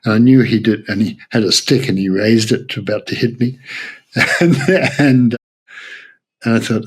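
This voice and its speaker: An older man with an Australian accent telling stories in an interview, halting with many restarts and frequent laughs. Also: on the low side, fairly even intonation, vocal fry, slightly rough. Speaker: Zen teacher. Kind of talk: reflective interview storytelling.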